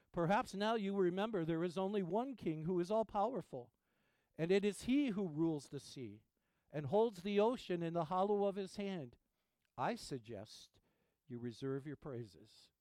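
A man's voice: sits high, expressive, normal speed, a little mellow, no echo, pitched above the performer's own voice. A male preacher voicing a proud medieval king who issues grand commands during a sermon story. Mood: humbled, grave. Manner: regal, declaiming.

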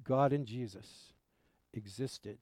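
Male pastor, sermon delivery, emphatic swells and soft fading endings, mellow dark tone, dry close sound. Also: medium pitch, slow pace, no room sound. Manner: emphatic preaching, dropping to soft endings and rising for stress.

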